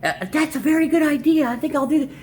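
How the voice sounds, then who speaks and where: Brief: man doing a pouty, whiny girl in falsetto for a vlog bit. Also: fast talker, darkish tone, slight background noise. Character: whiny, childish young woman asking for help.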